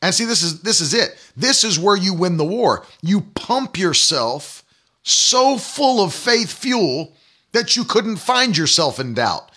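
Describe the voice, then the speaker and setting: A man's voice: high voice, very animated, measured pace, pushed and bright. A man in his thirties preaching a sermon, emphatic and repetitive, mocking the doubters he quotes. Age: 30s. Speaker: pastor.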